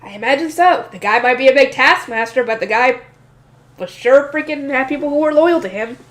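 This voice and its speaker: Slightly high nasal woman reading aloud. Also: a little fast, a bit bright. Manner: chatty, reacts to the story between passages. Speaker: audiobook reader, channel host. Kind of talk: reading a novel aloud with casual asides.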